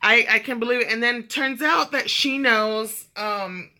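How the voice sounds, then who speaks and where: Young woman venting on her vlog, bright voice, cusses a lot, does all the voices. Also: a little high, a little slow. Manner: animated storytelling, acts out quotes; swears freely. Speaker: vlogger. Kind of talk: ranting storytime vlog.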